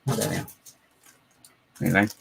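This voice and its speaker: A man's voice: a little fast, a bit bright, a little hiss or hum, poor audio. A man chatting live while building, rambling, giggly and self-mocking. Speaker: live-streaming LEGO builder.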